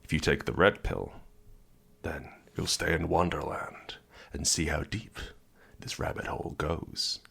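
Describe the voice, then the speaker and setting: A man voicing an insecure, bragging male mentor in an improvised comedy movie parody, talking in a hushed murmur. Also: extremely low pitch, very animated, moderate pace, vocal fry, pitched below the performer's own voice, exaggerated voice.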